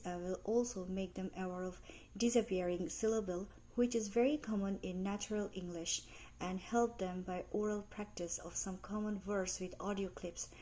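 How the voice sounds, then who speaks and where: A young adult woman reading out a class presentation on teaching pronunciation, careful and measured, with small grammar slips. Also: mid-range voice, dark tone. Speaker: student presenter. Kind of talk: read academic class presentation.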